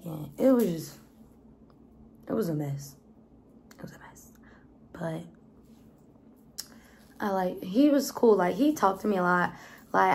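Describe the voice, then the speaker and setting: A woman's voice: fairly low pitch, vocal fry. A woman in her twenties with an American accent, telling stories in a casual, blunt vlog and swearing freely. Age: 20s. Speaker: vlogger.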